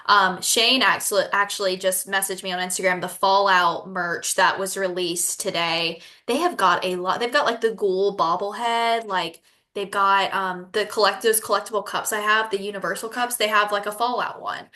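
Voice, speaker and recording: A woman's voice: medium pitch, steady tone, normal speed, sharp tone. A woman co-hosting a podcast over a video call, chatting casually, bubbly and laughing often with playful sarcasm. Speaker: podcast co-host. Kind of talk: casual chat.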